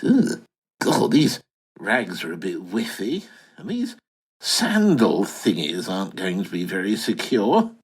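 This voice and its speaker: Man acting posh bumbling retiree, flustered, hesitant, slow and swooping. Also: lowish voice, very animated. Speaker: lead character and narrator. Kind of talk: comic audio drama acting.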